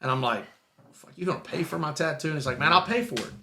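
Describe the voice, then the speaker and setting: A man's voice: on the high side, expressive, fast talker, sharp tone, echoey room, a little hiss or hum. A man telling a long story as a guest, rambling with restarts and casual swearing.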